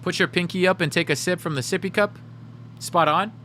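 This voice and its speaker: A man voicing a smug, wealthy British gentleman with a put-on British accent, prim and affected. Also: high-pitched, brisk, a little hiss or hum, voice pushed up. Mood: posh.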